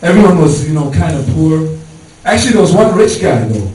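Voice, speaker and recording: On stage at a comedy show, a man tells loose, filler-heavy stories in a very animated, fairly quick voice that's fairly high yet mellow. Audience laughter rises from the crowd, captured in an echoey room with a distant mic.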